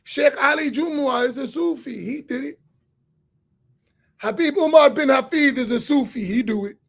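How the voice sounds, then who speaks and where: A man, preaching to an audience on a roundtable. He is loud and challenging, and he repeats phrases for emphasis. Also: extremely high pitch, normal speed, creaky. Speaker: imam on a roundtable.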